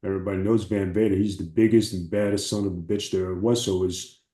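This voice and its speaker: Man, low voice, mellow tone, roomy echo, animated storytelling, swears freely. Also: fast. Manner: animated, profane storytelling with acted quotes. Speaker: interview guest, former wrestler. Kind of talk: casual storytelling.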